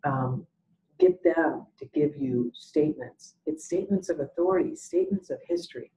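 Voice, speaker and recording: A salon business educator gives an e-learning webinar in a mellow, mid-range voice with big pitch swings at a moderate pace. She's emphatic, loves telling stories and acts out exchanges, though the recording quality is low.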